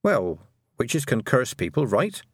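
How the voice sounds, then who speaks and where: A man's voice: mid-range voice, very animated, a little slow, breathy edge, no echo, clean studio sound, exaggerated voice. A man voicing a stubborn young farm girl in an audiobook, talking in an earnest, insistent, slightly defiant way. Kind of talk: audiobook character voice.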